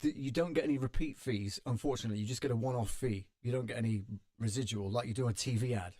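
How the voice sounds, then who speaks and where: A British man hosting a live stream, chatting in a relaxed, self-deprecating way. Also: medium pitch, fast, no room sound, clean studio sound. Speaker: live-stream host and voiceover artist. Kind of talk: casual chat on a live stream.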